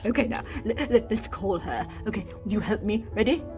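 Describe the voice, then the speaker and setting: A woman's voice: medium pitch, expressive, fairly quick, warm tone, soft background music, natural voice. A woman voicing a playful grown-up puppet lady who chats with a child puppet in a children's lesson, in a sing-song teacher voice.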